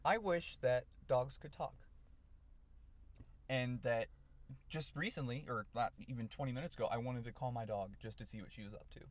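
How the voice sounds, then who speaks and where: A man's voice: medium pitch, moderate pace. A young man co-hosting a casual podcast, laid-back and playful with short agreeing replies. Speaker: podcast co-host. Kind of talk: casual chat.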